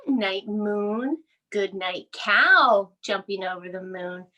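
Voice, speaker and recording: A woman leading a children's bedtime yoga class, speaking in a gentle, soothing, sing-song way as she reads a storybook aloud. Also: medium pitch, animated, slow. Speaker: yoga instructor.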